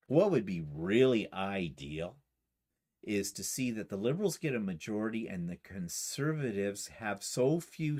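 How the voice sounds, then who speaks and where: A Canadian man co-hosting a quilting channel livestream, talking casually and rambling, with lots of fillers and self-deprecating asides. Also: on the low side. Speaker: YouTube quilting channel co-host.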